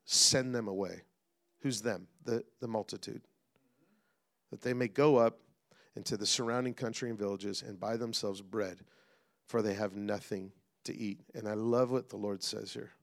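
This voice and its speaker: A middle-aged man preaching a sermon as pastor, calling out to the congregation and swinging between loud and hushed delivery. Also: fairly low pitch, steady tone, moderate pace, creaky.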